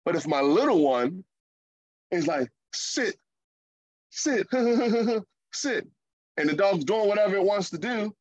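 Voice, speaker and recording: A man, chatty and animated, slipping into quoted voices to make his point. His voice sits fairly high for a man. The sound is dry and a little dull. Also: moderate pace, dry recording. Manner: animated, conversational preaching with playful asides and acted quotes. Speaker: preacher. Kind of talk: sermon.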